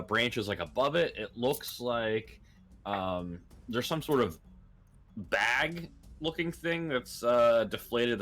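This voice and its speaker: Low-voiced man running a tabletop game. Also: fairly bright tone. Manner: hesitant, full of ums and uhs. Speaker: game master. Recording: faint music behind.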